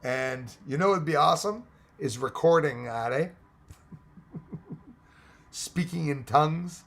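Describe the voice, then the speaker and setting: A man's voice: a little high, slow, a bit bright. A Canadian man, hosting a casual livestream, greeting viewers by name and joking as he rambles. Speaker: livestream host reading chat. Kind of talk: casual live chat.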